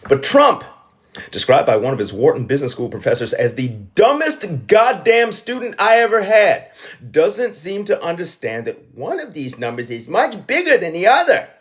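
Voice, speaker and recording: Male host, satirical news monologue, sarcastic and profane, very animated pitch. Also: moderate pace. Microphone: livestream.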